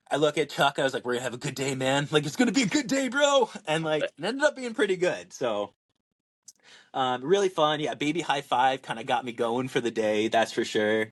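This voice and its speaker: A young man from Washington state, co-hosting a podcast and telling a lively story, acting out quotes with lots of fillers. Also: medium pitch, fairly quick. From Washington state, USA. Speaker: podcast co-host and pro disc golfer. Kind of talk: casual storytelling chat.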